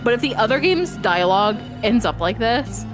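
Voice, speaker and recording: A woman's voice: a little high, lively intonation, moderate pace. A woman streamer ranting in exasperation about a game, swearing a lot in casual stream chat. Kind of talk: live-stream gameplay chat. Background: game music.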